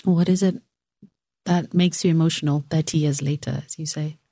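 A woman interviewer with a low, dark voice asks careful, gentle questions. The sound is close and dry, with no room around it. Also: fairly even intonation, normal speed, dry recording.

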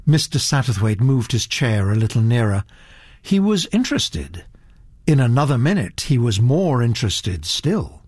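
A man reading a story aloud as narrator, measured and expressive. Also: mid-range voice, breathy edge, dry recording, clean studio sound. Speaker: audiobook narrator. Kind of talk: scripted narration.

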